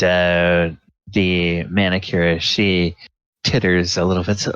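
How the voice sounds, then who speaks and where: A man narrating as game master of a tabletop game, unhurried and full of fillers. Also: sits low, little pitch movement, fairly bright tone, clean tone, no echo, lo-fi sound.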